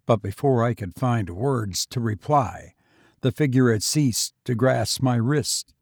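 A man narrating a gothic tale as a dramatic reading, with a solemn, measured delivery. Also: mid-range voice, expressive, creaky, a little mellow, breathy edge, no echo, studio quality.

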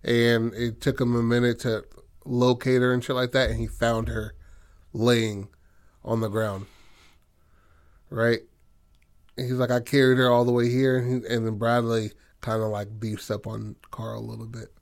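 A man's voice: mid-range voice, flat delivery. Man rambling casually through story ideas. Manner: halting, slangy, full of "like" and "you know what I mean". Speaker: co-writer planning a film. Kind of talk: casual brainstorming chat.

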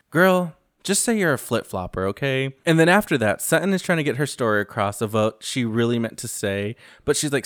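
A man's voice: medium pitch, a bit bright, no room sound, studio quality. A man hosting a casual reality TV recap, chatty and sassy as he quotes the cast.

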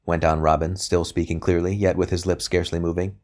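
A man reading a historical novel aloud in a measured, even storytelling manner. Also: low voice. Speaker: audiobook narrator. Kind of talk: scripted narration of a novel.

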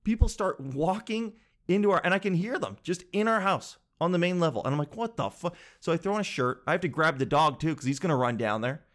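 A young man telling a story in a casual, animated way, swearing freely and acting out what others said. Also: a little high, quick pace. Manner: animated, swears freely, acts out quoted voices.

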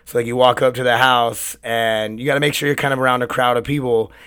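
A man hosting his own solo podcast, his voice hoarse and cracking, rambling in a loose, chatty way with plenty of swearing. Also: medium pitch, flat delivery, quick pace, a bit bright. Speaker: podcast host. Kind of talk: casual solo podcast monologue.

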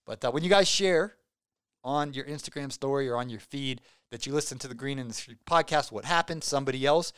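A young male podcast host rambles through his sign-off in an excitable, joking way, tripping over words and piling up fillers. His voice is smooth and clear, recorded close and dry with no room sound. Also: medium pitch, brisk, no echo. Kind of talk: casual podcast sign-off chat.

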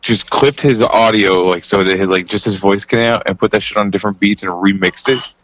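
A man's voice: fairly low pitch, steady tone, brisk, fairly bright tone, no echo, poor audio. A man in casual hip-hop talk, blunt and dismissive, swearing often.

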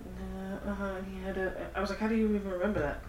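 A woman's voice: medium pitch, level tone, fast talker, a little mellow, echoey room, distant mic, highs cut off. A woman chatting casually and encouragingly about bartending and beer. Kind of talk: casual beer-tasting chat.

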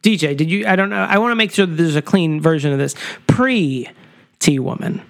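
A man's voice: a little high, quick pace, gravelly, a bit bright. A man co-hosting a podcast in casual chat, with a wry, mock-grumpy manner and laughs slipping into his lines. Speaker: podcast co-host.

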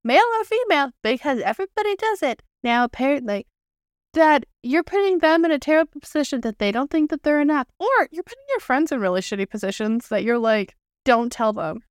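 A woman's voice: high voice, animated, quick pace, no echo, clean studio sound. A woman co-hosting a casual podcast, ranting bluntly and emphatically about relationships, with some swearing. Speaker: podcast co-host. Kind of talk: casual chat, opinionated rant.

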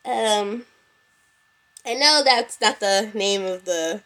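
A young woman talks through her solo podcast in a loose, chatty way, calling her listeners "y'all." Her voice sounds congested and a bit stuffy. Her pitch sits in the middle range. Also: takes it slowly, sharp tone. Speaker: podcast host. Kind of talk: casual solo podcast talk. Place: at home.

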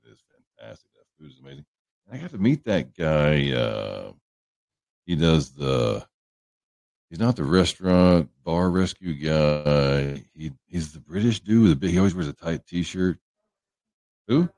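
Livestream host, male, very low gravelly voice, dark tone, rambling and joking with chat. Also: sing-song, measured pace, no echo. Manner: rambling, joking, greets viewers by name. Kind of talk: casual chat with viewers. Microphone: headphones on a livestream setup.

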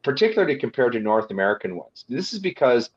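Man, lawyer guest, husky voice, lo-fi audio, fillers and restarts. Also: mid-range voice, sing-song, fast. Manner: explanatory, with frequent fillers and restarts. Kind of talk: webinar presentation.

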